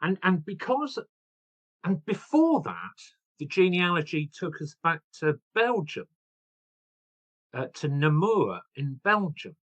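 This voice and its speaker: Lively, chatty sixty-something Englishman. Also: fairly high pitch, slow pace, muffled recording. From England. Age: 60s. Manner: animated, chatty storyteller who laughs at himself. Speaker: author guest. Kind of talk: casual interview chat.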